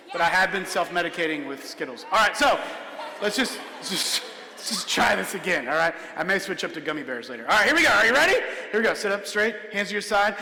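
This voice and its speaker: A man performing a comedic illusion show for children, jokey and energetic, often checking in with "all right?". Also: high voice, noisy background. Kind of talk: comedic stage magic show for kids. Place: large church hall with high ceiling. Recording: echoey hall, live stream.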